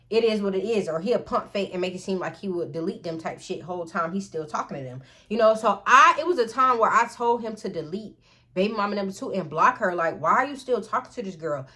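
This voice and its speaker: A woman vlogger telling a storytime tale in an animated, profane way, often calling out to her viewers. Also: medium pitch. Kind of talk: storytime vlog.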